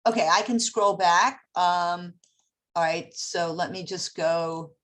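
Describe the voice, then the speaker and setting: Lower-voiced woman presenting over a video call. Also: background noise. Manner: halting, many fillers. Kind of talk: virtual presentation talk.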